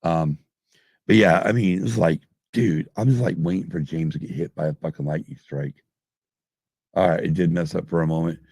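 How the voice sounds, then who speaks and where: A middle-aged man hosts a podcast live stream, rambling and swearing nonstop as he drinks and gets tipsy. His voice is low, gravelly, slightly rough and darkish, at a moderate pace. The casual live-stream chat is captured with clean studio sound and no room echo.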